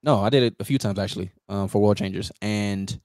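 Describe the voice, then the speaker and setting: A man hosting a podcast, a curious, relaxed interviewer who keeps affirming his guest in casual conversation. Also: lowish voice, brisk, no echo. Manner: curious, laid-back interviewer with frequent affirmations. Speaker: podcast host.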